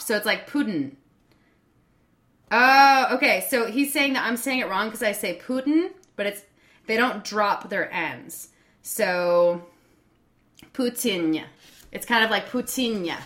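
A woman's voice: medium pitch, bright, forceful tone. An American woman chatting casually on her own show, rambling and restarting as she reads out viewer messages and laughs along. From United States. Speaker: streamer reading viewer messages.

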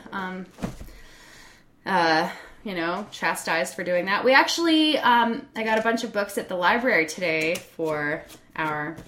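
A woman with an American accent talks in a loose, rambling way, often restarting her sentences. Her voice has a bright, forward ring to it. She reads out viewer messages between her own asides, like a host chatting on her own stream. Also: medium pitch, slight background noise. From United States. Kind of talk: casual rambling monologue.

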